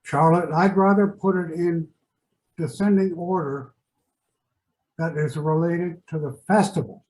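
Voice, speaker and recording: A man's voice: a little high, steady tone, a little slow, long pauses, darkish tone, poor audio. A man on a video call with the hiccups, insistently stating his preferences in a board meeting. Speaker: board member. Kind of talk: business meeting discussion.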